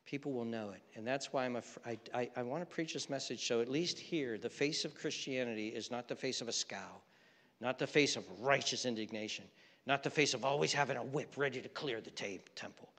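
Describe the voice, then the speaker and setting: A male pastor preaching a sermon, swelling into impassioned pleading and dropping into quiet prayer. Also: medium pitch, brisk, long reverb tail.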